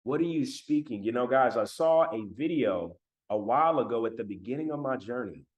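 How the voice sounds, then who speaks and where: A man's voice: mid-range voice, lively intonation, fairly quick, lo-fi sound. A man giving a motivational talk on a live stream, emphatic, repeating key lines and calling on viewers in the chat, on a laptop microphone. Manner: emphatic, repeats phrases, addresses chat directly. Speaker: motivational speaker. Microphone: laptop mic.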